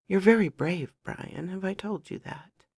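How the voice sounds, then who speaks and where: A woman voicing a gentle, remorseful young male magician in a storybook reading, speaking softly and apologetically. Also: medium pitch, a little slow, breathy edge, no room sound, clean studio sound, voice pushed up. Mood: admiring. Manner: soft, apologetic, emotional. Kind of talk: storybook reading of a fantasy romance.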